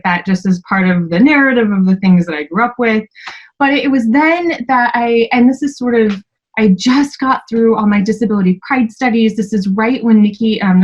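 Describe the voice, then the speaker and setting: A woman in her twenties, guesting on a podcast, candidly tells a personal story with many fillers and sharp rises when quoting herself. Her voice is a little high, and the recording has the highs cut off.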